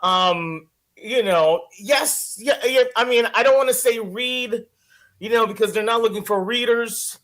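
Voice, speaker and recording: A man, a voice-actor guest, chatting in an interview, expressive and rambling, with many restarts. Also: very high-pitched, measured pace. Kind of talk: casual interview chat.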